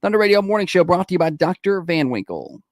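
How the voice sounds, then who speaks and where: A man's voice: high voice, big pitch swings, fast talker, very noisy. Joking radio host, man. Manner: joking, easygoing rambling. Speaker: radio morning show host. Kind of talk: casual radio banter.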